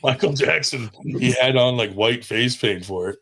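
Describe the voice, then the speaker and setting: A man's voice: medium pitch, normal speed, background noise. A man hosting a podcast in loose, rambling casual chat, swearing freely. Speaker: podcast host.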